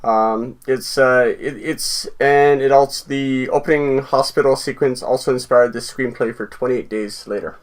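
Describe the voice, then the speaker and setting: A man's voice: medium pitch, steady tone, normal speed, hardly any pauses. A man on a book panel, speaking hesitantly with many fillers and restarts. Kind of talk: casual panel discussion.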